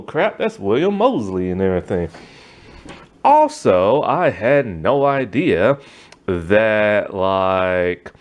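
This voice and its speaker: A man giving a casual, rambling spoken movie review, full of fillers and asides. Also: medium pitch. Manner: rambling, fillers like "you know what I'm saying".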